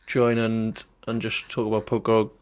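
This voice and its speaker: A man's voice: fairly low pitch, completely flat delivery, moderate pace, a little mellow, smooth. A young British man hosting a stream, chatting loosely and addressing his viewers as lads. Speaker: stream host. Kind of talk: casual stream chat.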